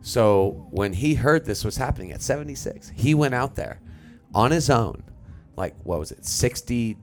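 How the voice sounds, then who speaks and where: A man's voice: medium pitch, big pitch swings, moderate pace, soft background music. A man co-hosting a live radio podcast, ranting with passion and plenty of swearing. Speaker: podcast co-host. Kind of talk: casual radio chat.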